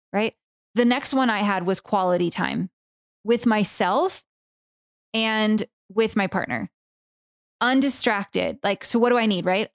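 A woman in her thirties hosts a solo podcast, talking casually with plenty of swearing and "like" fillers. Her voice sits at a middle pitch and leaps upward when she stresses a point. The recording is dry and close, with no room sound. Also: no room sound. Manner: casual, swears freely, many "like" and "right?" fillers; animated, jumps up in pitch for emphasis. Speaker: podcast host and business coach.

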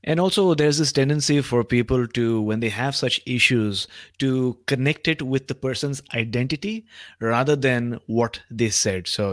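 A man's voice: mid-range voice, normal speed, fairly bright tone, dry recording. Male podcast host, mid-range voice, dry close sound, thoughtful, searches for words. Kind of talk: interview podcast conversation.

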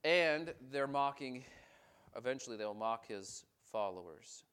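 Pastor, man, middle-aged, mid-pitched sermon voice, reads scripture then comments, emphatic to hushed. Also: expressive, a little slow, clean tone.

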